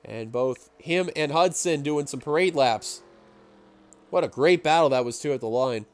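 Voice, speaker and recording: A man doing play-by-play commentary on a simulated stock car race, excitable and running out of breath. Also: fairly high pitch, normal speed, slight background noise. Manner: excitable, builds to shouting at the finish. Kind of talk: sim racing play-by-play commentary.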